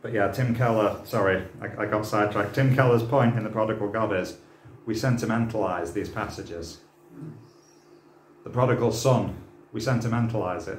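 A man's voice: on the low side, normal speed, roomy sound, slight background noise. A man preaching an impassioned, dramatic sermon, full of rhetorical questions. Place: church hall.

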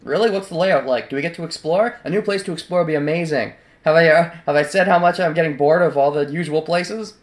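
A man giving casual let's play commentary over a video game, chatty, sarcastic and excitable. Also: a little high, quick pace, few pauses.

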